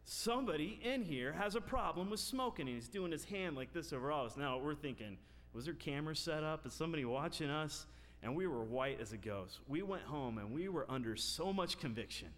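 A pastor preaching a sermon, telling a personal story that builds into loud, emphatic preaching. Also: male voice, medium pitch, expressive, brisk. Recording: long reverb of a large hall.

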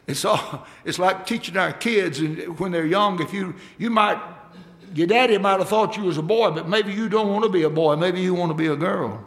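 A man's voice: sits high, gravelly, a bit bright. A man preaching a sermon, folksy and emphatic, calling out for amens from the congregation.

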